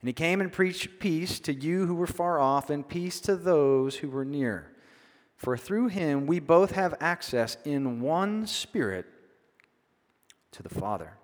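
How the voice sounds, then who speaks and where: A man's voice: a little high, expressive, slow. Preaching man in a reverberant hall. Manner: conversational, keeps asking "right?". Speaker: pastor. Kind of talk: sermon. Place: church sanctuary.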